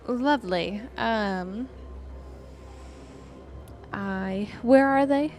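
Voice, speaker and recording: A woman playing in a tabletop game, speaking quietly with wry short replies. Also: on the high side, extremely slow, soft background music. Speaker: player.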